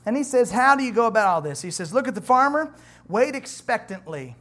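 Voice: medium pitch, fairly quick. Pastor mid-sermon: conversational, joking, reads scripture with building emphasis. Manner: animated, conversational preaching with humor and asides to the congregation. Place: church.

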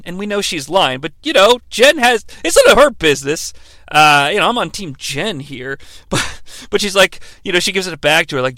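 High, lively American man joking around. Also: moderate pace, dry recording. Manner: profane, joking, slips into mocking character voices. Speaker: podcast co-host. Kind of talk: casual comedic episode recap.

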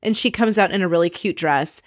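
Woman host, lowish voice, dry close sound; blunt, exasperated recap delivery with frequent swearing. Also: fairly quick, no echo. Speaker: podcast host recapping a reality show. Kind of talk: casual recap commentary.

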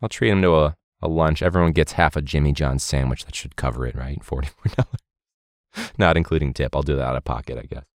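A man's voice: extremely low pitch, a little fast, dry recording, studio quality. A man hosting a casual podcast, ranting sarcastically with swearing and laughter as he talks about teaching. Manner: animated, swearing, sarcastic, laughing mid-sentence.

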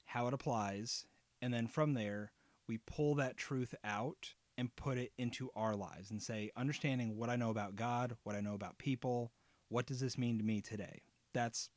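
A man's voice: medium pitch, no echo. A man giving a conversational Bible teaching in an earnest, explanatory way with touches of humor.

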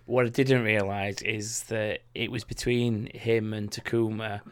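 A man's voice: on the low side, flat delivery, measured pace, clear, resonant tone. British man telling race anecdotes. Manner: anecdotal, teasing. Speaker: podcast co-host. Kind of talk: casual motorsport chat.

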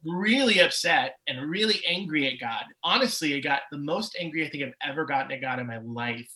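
A man's voice: a little high, animated, fairly quick, bright, forceful tone, low-quality recording. A man in his forties, a podcast guest, telling his personal story with candor and swings of emotion. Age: 40s. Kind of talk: personal testimony in an interview.

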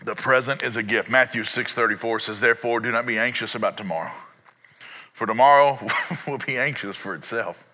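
A middle-aged man, preaching a sermon in a church, playful and animated, with sung and acted-out bits. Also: medium pitch. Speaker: pastor. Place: church sanctuary.

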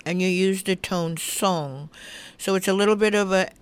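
A middle-aged woman calmly teaching relaxation through humming, toning and breathing, giving unhurried, soothing guidance. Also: medium pitch, clear, resonant tone. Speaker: wellness teacher. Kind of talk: guided relaxation instruction.

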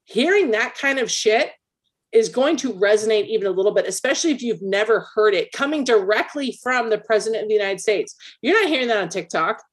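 A woman's voice: a little high, lively intonation, a little fast. Emphatic opinionated woman podcaster. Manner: emphatic, opinionated, explains at length. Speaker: podcast co-host; military veteran. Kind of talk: casual political chat.

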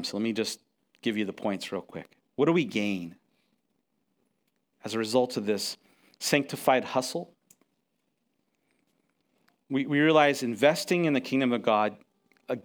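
Animated middle-aged pastor preaching. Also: male voice, mid-range voice. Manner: animated storytelling, acts out quotes; restarts and repeats words. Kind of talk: sermon.

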